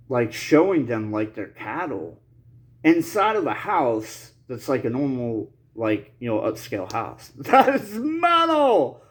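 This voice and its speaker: A man rambling to his audience in a loose, slangy monologue, with nervous laughter breaking into his talk. His voice sits at an ordinary middle pitch, and he coughs now and then while getting over an illness. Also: darkish tone. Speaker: channel host. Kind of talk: casual monologue to camera.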